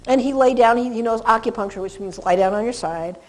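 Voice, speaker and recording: A middle-aged woman lectures on dog behavior in a chatty, laughing way, slipping into quick voices for dogs and owners. Her voice sits a little high for a woman. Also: poor audio.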